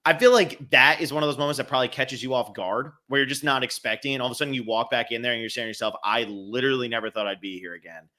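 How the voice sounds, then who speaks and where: A man hosting a podcast in a relaxed, conversational way, agreeing often and asking his guest questions. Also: medium pitch, rapid-fire, few pauses. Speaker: podcast host. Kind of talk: casual podcast chat.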